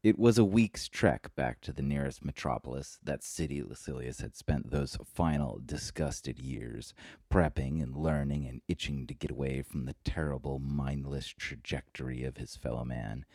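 Very deep-voiced male storyteller. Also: warm tone, breathy edge, no room sound, clean studio sound. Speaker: narrator. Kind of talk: scripted story narration.

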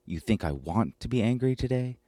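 A man's voice: medium pitch, expressive, a little fast, mellow, breathy edge, no room sound, voice pushed up. A man putting on an angry, snapping friend. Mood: indignant.

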